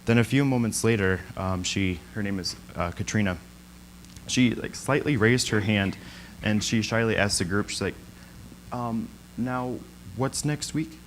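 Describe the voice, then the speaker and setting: A man's voice: fairly low pitch, moderate pace, slight background noise, low-quality recording. A young man speaking as a guest at a church, telling a story in an informal sermon, with lots of ums and frequent laughs. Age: young adult. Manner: chatty, many ums, laughs often.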